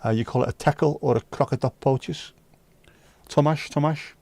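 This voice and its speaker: A man's voice: medium pitch, normal speed, vocal fry, a little mellow, dry recording. A man hosting a live stream, chatting casually and joking with viewers as he reads their messages. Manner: chatty, joking, banters with chat and sings snatches. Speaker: livestream host reading chat. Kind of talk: casual chat.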